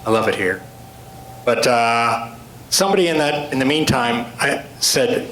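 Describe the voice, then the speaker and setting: Late-50s male storyteller, self-deprecating humor, mid pitch, roomy hall sound. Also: animated, unhurried, fairly bright tone, a little hiss or hum. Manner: dry, self-deprecating joke delivery, rambling asides. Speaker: storyteller and author giving a talk. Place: club meeting room with an audience. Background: audience laughter.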